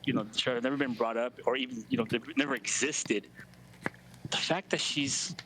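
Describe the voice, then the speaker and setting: A man on a casual reaction show with a bright, forceful voice and a faint hiss of background noise. He speaks hesitantly and restarts his sentences, and his voice falls to a whisper when the subject upsets him. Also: mid-range voice, fairly even intonation, normal speed, poor audio. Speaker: co-host guest.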